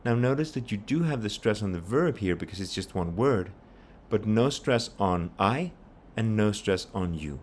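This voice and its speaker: Male language teacher, very low pitch, patient and explanatory, models phrases slowly. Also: expressive, a little hiss or hum. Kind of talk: pronunciation lesson.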